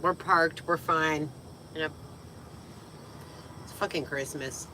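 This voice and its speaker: A tipsy woman livestreaming from a parked vehicle, giggling, swearing freely and getting excitable, her voice partly lost. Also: deep voice, takes it slowly, background noise. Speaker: livestream host. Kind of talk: tipsy casual livestream chat.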